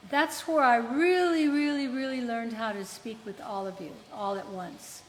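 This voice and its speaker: A woman's voice: a little high, normal speed. A woman hosting a casual live chat, chatty and teasing. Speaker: host, performer. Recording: reverberant room with faint noise.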